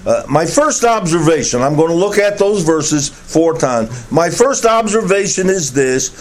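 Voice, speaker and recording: A man preaching an expository sermon, reading scripture deliberately and repeating key phrases for emphasis. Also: fairly high pitch, very animated.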